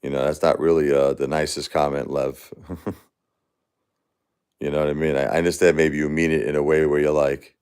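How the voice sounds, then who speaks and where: Really deep-voiced guy in his 40s hosting a live stream, grieving, halting, keeps restarting his sentences. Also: flat delivery, a little mellow, smooth. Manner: halting and repetitive, many restarts and fillers. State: grief-stricken. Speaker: livestream host. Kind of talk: casual livestream chat, answering comments.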